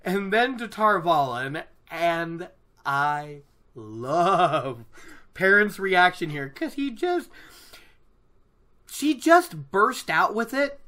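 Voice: mid-range voice, pushed and bright. A host casually recapping a fantasy novel chapter, chatty and rambling, with lots of fillers. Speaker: book podcast host.

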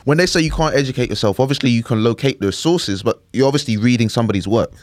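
A man in his podcast chair thinks out loud in casual, searching sentences. His voice sits in a middle register. It is recorded close and dry, with no room sound. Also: mid-range voice, quick pace, no room sound. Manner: conversational, musing, frequent "do you know what I mean". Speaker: podcast co-host. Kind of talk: casual chat.

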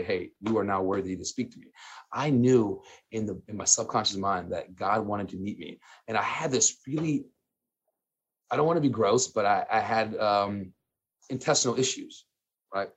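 A man in his thirties, a guest telling a personal story in casual, animated talk, full of fillers and laughter. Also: fairly low pitch, moderate pace, husky.

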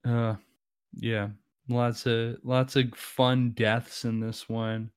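A man's voice: medium pitch, monotone, drawn-out words, smooth, no echo, clean studio sound. A man casually discussing a horror film, retelling scenes with lots of fillers.

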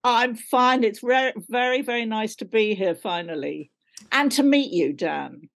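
A woman's voice: a little high, unhurried, vocal fry. A woman talking on a video call as a guest actor. She laughs often and is chatty and self-deprecating. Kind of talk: casual interview chat.

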